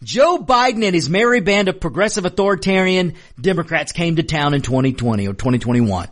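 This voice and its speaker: Male host, fairly high voice with wide swings in pitch, passionate and emphatic monologue delivery. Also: animated, fairly quick. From Mexican American. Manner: passionate and emphatic, repeats lines for stress. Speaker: political commentary host. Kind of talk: opinion monologue.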